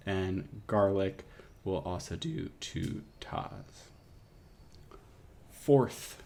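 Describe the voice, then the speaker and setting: A man with a fairly low voice talks students through a music lesson. He explains each step in a steady, patient way. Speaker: music teacher. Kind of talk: classroom lesson.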